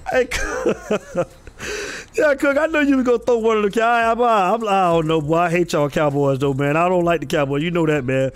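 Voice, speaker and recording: High-voiced man hosting live sports chat. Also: animated, normal speed. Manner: drawling, repeats names, calls out viewers. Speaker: live stream host. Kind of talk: casual live sports talk.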